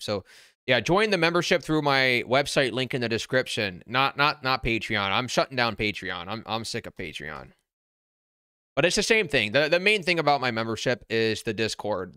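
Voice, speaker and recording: A blunt, loud-mouthed man chatting live with his viewers, his voice bright and forceful with a crisp, smooth edge. He half-yells in a brash, no-nonsense way. The sound is close and dry, with little room around it. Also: medium pitch, dry recording. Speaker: crypto channel host. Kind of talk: casual livestream chat answering viewer comments. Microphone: wearing noise-canceling headphones.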